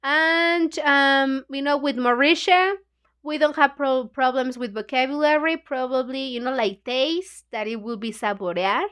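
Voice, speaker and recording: This woman teaches an English book club and is a native Spanish speaker. Her voice is high-pitched and fairly bright, and she's unhurried as she retells a story for learners. She chats away, says "you know, like" all the time and acts out lines.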